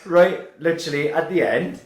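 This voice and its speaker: A man co-hosting a podcast, retelling things quickly with slang in casual chat. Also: fairly high pitch. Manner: fast, chatty retelling with slang. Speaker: podcast co-host. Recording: roomy, echoey room sound.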